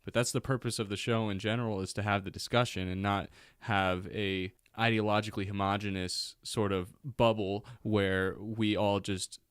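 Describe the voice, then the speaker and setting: A man's voice: lowish voice, flat delivery, moderate pace, few pauses, clean tone, no room sound, clean studio sound. A man co-hosting a podcast in casual chat, opinionated and laughing often. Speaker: podcast co-host.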